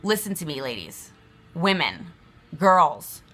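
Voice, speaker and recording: A woman's voice: deep voice, big pitch swings, slow pace, pushed and bright. A woman venting to the camera in a rambling, emphatic way, swearing often and filling her talk with fillers. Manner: agitated, emphatic. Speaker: vlogger.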